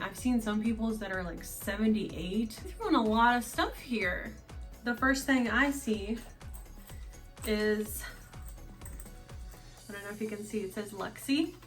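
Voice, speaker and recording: A woman's voice: mid-range voice, fairly bright tone. A woman with a Russian accent chatting casually through a makeup box unboxing, rambling with lots of fillers. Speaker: beauty vlogger.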